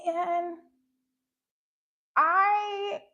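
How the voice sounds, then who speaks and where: A woman speaking on a live stream about her faith, halting and emotionally open. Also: very high voice, fairly even intonation, bright, forceful tone, muffled recording. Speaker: spiritual content creator.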